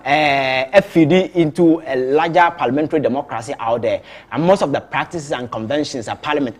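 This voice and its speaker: A man's voice: fairly high pitch, brisk, few pauses. Emphatic Ghanaian man arguing politics. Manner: emphatic, repeats words when restarting. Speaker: political analyst. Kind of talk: studio talk show commentary.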